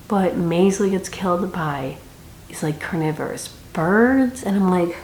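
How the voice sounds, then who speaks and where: A woman's voice: fairly low pitch, expressive, a little slow, darkish tone. A young woman giving a casual, chatty book review with dramatic reactions and rambling asides. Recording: echoey room with faint noise.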